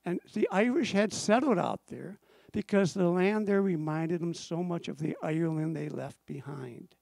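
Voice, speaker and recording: A man's voice: a little high, moderate pace, gravelly, darkish tone, no echo. A middle-aged man, an author and storyteller, giving an emphatic live history talk to an audience and repeating phrases for effect.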